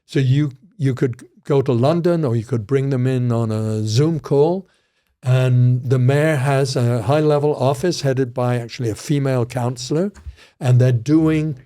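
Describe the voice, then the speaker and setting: A man's voice: medium pitch, measured pace, dark tone. An older man, a criminology professor, telling rambling stories with frequent restarts in a casual interview.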